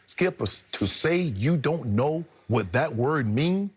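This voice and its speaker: A man's voice: medium pitch, lively intonation, slow, hardly any pauses, darkish tone, slightly rough. A middle-aged man, co-hosting a sports debate show and giving heated, preachy opinion commentary straight at his co-host. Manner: emphatic, preachy, addresses co-host directly.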